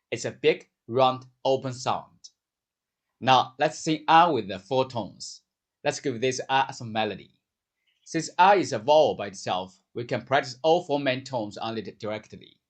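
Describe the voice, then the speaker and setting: A man giving a scripted pronunciation lesson, speaking slowly and clearly and drawing out the vowels he demonstrates. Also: mid-range voice. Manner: slow, clear demonstrative speech with drawn-out vowels. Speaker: language teacher.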